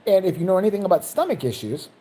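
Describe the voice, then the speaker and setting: A woman vlogger telling a story in a casual, profane, animated way, jumping into other people's voices. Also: on the low side, rapid-fire.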